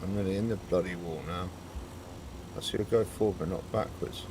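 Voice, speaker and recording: A man with a low, steady voice streams a flight simulator, talking briskly and casually and muttering in frustration at his plane. It's casual live-stream commentary over a noisy background.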